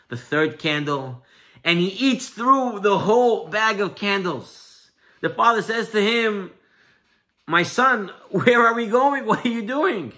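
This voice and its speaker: A man, a rabbi, giving an animated Torah class, telling a parable and swinging between emphatic and soft delivery. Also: on the high side.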